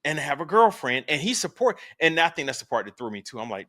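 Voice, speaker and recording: A middle-aged man co-hosting a casual talk show, telling a story in a relaxed way and dropping quiet asides. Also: on the high side, fast. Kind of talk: casual chat.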